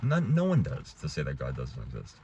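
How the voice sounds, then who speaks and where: Deep-voiced man ranting about faith. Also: huge pitch swings, brisk, mellow, a little hiss or hum. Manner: heated, rambling, restarts, swears. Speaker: vlogger. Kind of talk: casual rant to camera.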